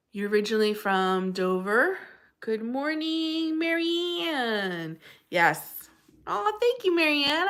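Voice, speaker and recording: Bubbly, lively woman livestream host. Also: medium pitch. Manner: bubbly, chatty, greets people by name. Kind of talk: casual livestream chat greeting viewers.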